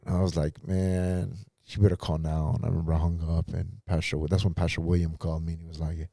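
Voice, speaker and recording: A man's voice: deep voice, flat delivery, quick pace, vocal fry, dark tone, no room sound, studio quality. A man, a pastor on a podcast, telling his life story earnestly and acting out past conversations. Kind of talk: personal testimony in casual talk.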